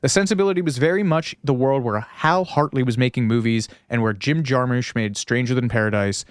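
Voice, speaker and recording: A male podcast co-host rambles and riffs in casual chat, saying "like" a lot, swearing now and then, and laughing at his own jokes. His mid-range voice moves fairly quickly, and the recording is dry and studio quality.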